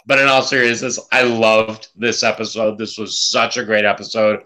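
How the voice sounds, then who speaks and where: A man's voice: lowish voice, level tone, moderate pace, sharp tone. A man co-hosting a podcast, chatting casually in a laid-back, jokey way. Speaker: podcast co-host. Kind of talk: casual chat.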